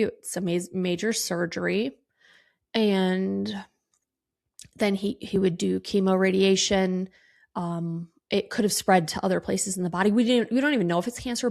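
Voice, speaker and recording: A woman's voice: mid-range voice, gravelly, a little mellow. A woman podcast host in her thirties telling a personal story to her listeners, emotional and tearful, her voice breaking, peppered with casual fillers.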